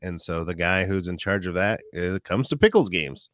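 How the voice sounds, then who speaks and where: A man with a very low, deep voice talks through his stories in a loose, rambling way, full of filler words. He comes across as a comedian chatting casually as a podcast guest. The sound is dry and close, with no room in it. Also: expressive, normal speed, fairly bright tone, dry recording.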